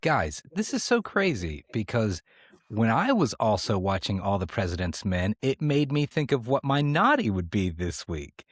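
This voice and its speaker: A man's voice: fairly low pitch, big pitch swings, normal speed, slightly rough. A man co-hosting a comedy podcast, rambling in a playful, mock-serious way. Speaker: podcast co-host. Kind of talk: casual comedic podcast chat.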